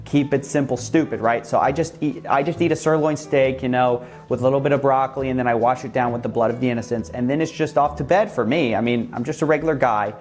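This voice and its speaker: A man's voice: medium pitch, fast, few pauses, faint music behind. Man in a sarcastic mock-guru monologue. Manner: mock-humble, sarcastic, boastful guru act. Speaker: YouTuber. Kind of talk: comedic parody monologue.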